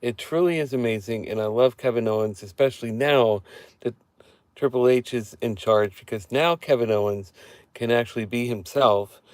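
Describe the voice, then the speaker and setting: A man giving an excited, profane recap on a casual live stream, repeating himself as he talks into a handheld phone. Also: mid-range voice, normal speed, no room sound. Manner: excited, profane fan rambling with repeated phrases. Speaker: wrestling show reviewer. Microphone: phone held in hand.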